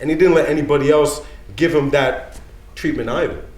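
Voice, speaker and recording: A man's voice: a little high, a little fast, darkish tone, reverberant. A man in his thirties, a dean of students, telling a personal story live in a casual, streetwise way, full of "you know".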